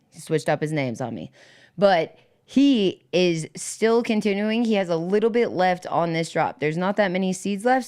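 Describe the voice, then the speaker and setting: A woman with a lower voice hosts a relaxed livestream, talking loosely and filling her sentences with fillers. She laughs easily and keeps greeting people in the chat by name. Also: clear, resonant tone. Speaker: livestream host.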